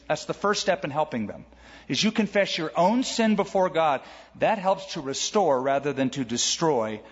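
Husky male pastor preaching in an echoey church. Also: on the high side. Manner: storytelling, emphatic, conversational. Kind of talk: sermon. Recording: echoey hall, dull sound.

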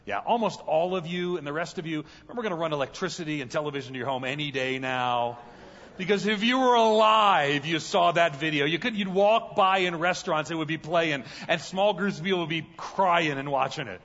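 A guest pastor preaching a sermon in a large church, telling stories and building to loud, fervent peaks. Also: male voice, on the high side, in a large hall, dull audio.

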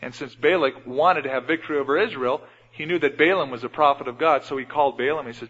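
A man preaching a sermon in a church, retelling Bible stories and often changing his loudness. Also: fairly high pitch, quick pace, few pauses. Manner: storytelling, acts out Bible scenes with shifts in loudness. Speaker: pastor. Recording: dull radio broadcast with long hall reverb.

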